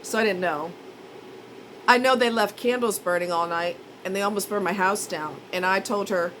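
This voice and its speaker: A woman's voice: medium pitch, normal speed, a bit bright, a little hiss or hum, rough recording. A woman telling a rambling, self-mocking story in a chatty, casual way. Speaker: vlogger.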